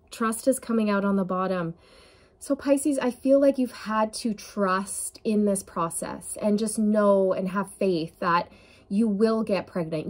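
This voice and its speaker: A woman giving an intuitive tarot reading to camera, talking in an earnest, emotional way with many fillers. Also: medium pitch. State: tearful at times. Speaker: tarot reader.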